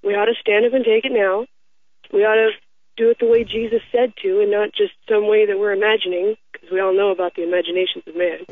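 A woman's voice: mid-range voice, fairly even intonation, fast, no echo. A woman calling in to a radio talk show, speaking in an earnest, preachy way over the phone. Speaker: caller. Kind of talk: casual call-in chat. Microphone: telephone. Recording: tinny phone line.

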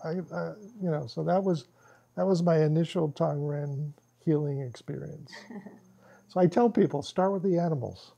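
A man leading a workshop tells lively, casual stories to a small group, acting out the lines he quotes and laughing a lot. He speaks at a moderate pace in a fairly high, creaky voice.

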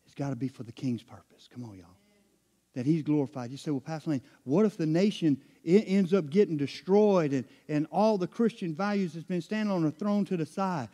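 A middle-aged man, preaching a sermon as pastor, dropping to low murmurs and rising to loud, high climaxes. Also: a little fast.

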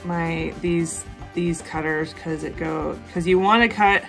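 A woman's voice: on the low side, slow pace, gravelly, faint music behind. Bubbly woman chatting through a craft tutorial. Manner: bubbly, chatty, gushing excitement. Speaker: jewelry-making video host.

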